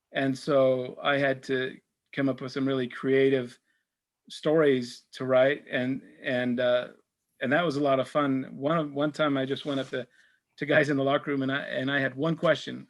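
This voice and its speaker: A middle-aged sportswriter talking casually to a church supper group, telling anecdotes with many fillers and restarts. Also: male voice, medium pitch. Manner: rambling, full of fillers and restarts; tells anecdotes, acts out quoted exchanges. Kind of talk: casual talk and Q&A.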